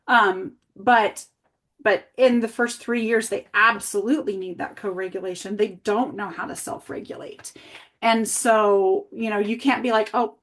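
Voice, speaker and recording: Woman, early childhood coach, reflective and questioning, middle pitch, one-on-one coaching talk. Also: fairly even intonation, unhurried. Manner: reflective, asks gentle guiding questions. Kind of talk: coaching conversation.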